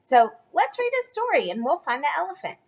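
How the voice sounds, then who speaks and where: A woman voicing an excited little child chicken who pleads eagerly in a storybook read-aloud. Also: sits high, fairly quick, dull audio, pitched above the performer's own voice.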